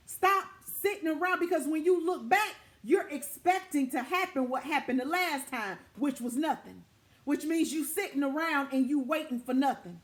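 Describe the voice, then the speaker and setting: A woman's voice: high voice, normal speed. A woman delivering a prophetic word to her viewers, exhorting them emphatically and repeating her points in an informal, direct way. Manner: informal, direct address to listeners. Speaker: prophetic minister.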